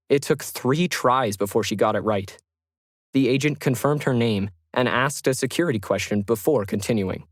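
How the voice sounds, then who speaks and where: Male narrator, measured story reading, mid pitch, dry studio sound. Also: no echo. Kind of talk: scripted narration.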